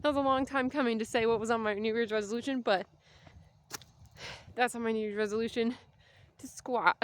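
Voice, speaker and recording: Out walking on a street, a woman in her thirties records a rambling vlog, slightly out of breath and full of chatty digressions. Her voice is a little high and clean in tone, at a normal speed.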